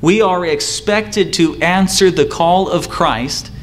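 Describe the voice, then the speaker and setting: A pastor preaching a sermon, driving home points with repetition and rhetorical questions, sometimes mimicking excuse-makers. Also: male voice, a little hiss or hum. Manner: acts out excuse-makers in a higher, quicker voice.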